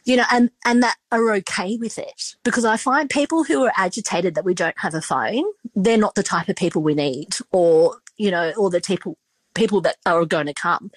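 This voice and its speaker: A woman's voice: medium pitch, normal speed, dry recording. A woman, a restaurant owner telling stories in a casual podcast interview, chatty and full of fillers. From Australia. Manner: chatty, emotional storytelling with many fillers.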